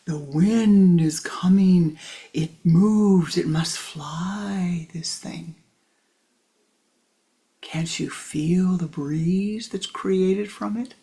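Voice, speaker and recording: A woman's voice: lowish voice, drawn-out words. A woman whispering as two insistent little ones. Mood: insistent, hushed. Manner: breathy, hushed and insistent. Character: two excited worried little ones feeling a flapping ear. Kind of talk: spiritual teaching story.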